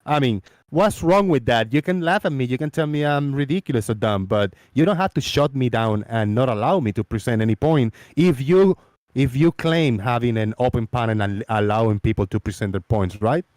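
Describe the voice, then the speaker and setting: A man's voice: medium pitch, brisk, darkish tone, no echo, studio quality. A man hosting a casual online voice chat, joking, laughing often and stumbling over his words. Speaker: host.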